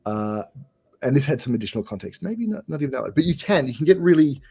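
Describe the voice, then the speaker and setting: A man's voice: medium pitch, big pitch swings, fast talker, vocal fry, mellow, breathy edge. A man with an Australian accent, a guest on a developer show. He chats casually and hesitantly, with many fillers. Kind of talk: casual tech chat.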